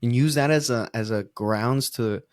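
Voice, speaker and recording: A man co-hosting a podcast with his brothers, talking in a halting, heartfelt way with many restarts. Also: mid-range voice, a little mellow, no echo, studio quality. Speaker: podcast co-host. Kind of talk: casual heartfelt conversation.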